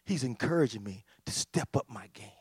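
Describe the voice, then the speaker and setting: A man preaching a sermon as pastor, animated, repetitive and emphatic. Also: mid-range voice, fairly quick, husky, no room sound, studio quality.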